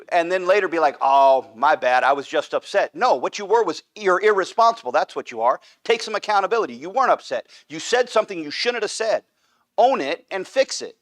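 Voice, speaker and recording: A man's voice: on the high side, a bit bright. A man teaching an adult Bible class in a church, emphatic and repetitive, often checking in with "right?". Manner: emphatic, repeats points with "right?". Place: church room.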